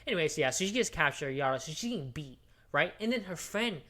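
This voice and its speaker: Excitable, foul-mouthed male podcast co-host. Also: fairly high pitch, quick pace. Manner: excitable, profane storyteller with many fillers; jumps between hushed recap and loud outbursts. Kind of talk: casual chat, retelling a movie plot.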